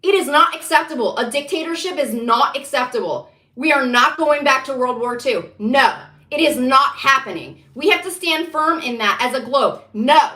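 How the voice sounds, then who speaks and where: A woman's voice: high voice, animated, normal speed, hardly any pauses, pushed and bright. A woman delivering an impassioned, emphatic political monologue, repeating herself and building to heated insistence. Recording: echoey room.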